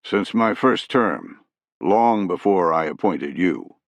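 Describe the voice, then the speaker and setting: Man playing a steady president in an audiobook, low gravelly voice, soothing and firm, dry. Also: no room sound, highs cut off, exaggerated voice. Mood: calm. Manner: measured, placating. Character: calm older male president, measured and authoritative.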